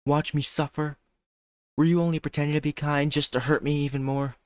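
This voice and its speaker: A man's voice: low voice, animated, moderate pace, dry recording, clean studio sound. A man reading aloud the lines of a lovestruck, possessive teenage girl from a visual novel, moving between teasing and anguish. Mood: bitter. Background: loud game music.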